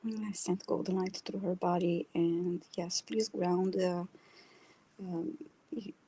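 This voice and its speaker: A woman gives a psychic reading on a livestream. She speaks slowly and hesitantly, often trailing into a whisper. Her voice is dark and gravelly with faint noise behind it. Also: on the low side, fairly even intonation. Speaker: psychic reader, livestream co-host. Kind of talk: live-stream psychic reading.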